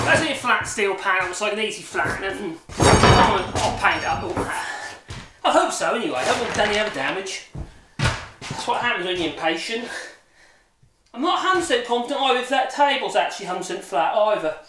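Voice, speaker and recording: High-voiced man rambling in an echoey workshop. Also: fairly quick. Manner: rambling, chatty, self-correcting. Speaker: hobby woodworker showing a machine. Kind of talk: casual workshop vlog. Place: home workshop. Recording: echoey room, distant mic, noisy background.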